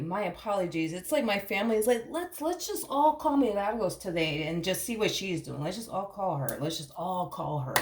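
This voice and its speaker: A woman's voice: low voice, background noise. Rambling woman tarot reader, echoey room. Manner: rambling, chatty, calls the viewer honey, swears casually. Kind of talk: casual tarot reading to camera.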